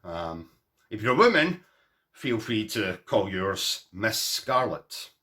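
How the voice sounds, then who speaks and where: A man chats to camera, spinning a comic personal story with a bright, forward tone. His pitch swings up and down as he rambles through asides, poking fun at himself. He sounds like a casual vlogger talking to his viewers. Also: slow pace. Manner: animated, self-mocking, rambling with asides.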